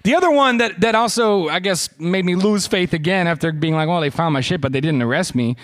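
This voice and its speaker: High-voiced man telling a rambling comic story. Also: brisk. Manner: rambling, profane, self-mocking storytelling. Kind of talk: comic storytelling on a live podcast.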